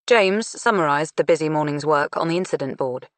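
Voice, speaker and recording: A woman narrating an audiobook in a measured, unhurried reading. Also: deep voice, no room sound. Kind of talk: scripted narration.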